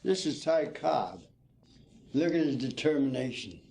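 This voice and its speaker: A man's voice: medium pitch, big pitch swings, unhurried, creaky, mellow, slight background noise. An older man, a former ball player, telling folksy stories in an interview. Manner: folksy storytelling, "see?" and "you know". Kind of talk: reminiscing interview.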